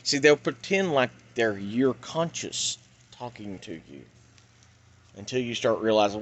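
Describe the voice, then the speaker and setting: A man delivering an urgent, pleading monologue that swings between loud outbursts and hushed warnings. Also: mid-range voice, lively intonation, a little slow, dull audio. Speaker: vlogger. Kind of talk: impassioned monologue.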